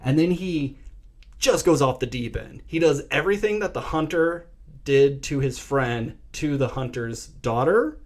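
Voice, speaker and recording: Animated man recapping a movie. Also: a little high, unhurried. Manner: animated retelling with acted-out quotes. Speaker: podcast co-host. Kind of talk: casual movie recap chat.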